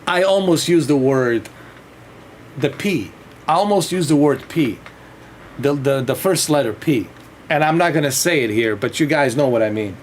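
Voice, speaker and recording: A man's voice: on the high side, expressive, moderate pace, a little hiss or hum. A man chatting casually on a livestream, rambling and swearing freely. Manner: rambling and profane, with frequent restarts and laughs.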